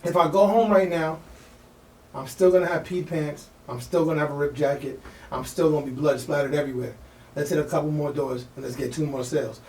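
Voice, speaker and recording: A man co-hosting a podcast, telling a story in a fast, slangy, animated way and acting out the voices of people in it. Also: fairly high pitch. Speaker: podcast co-host. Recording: echoey room, mic at a distance.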